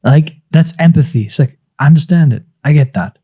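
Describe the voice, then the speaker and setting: A man in his thirties, a business coach, explaining ideas in conversation and acting out inner voices with sudden high-pitched outbursts. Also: expressive, a little fast, dark tone, breathy edge.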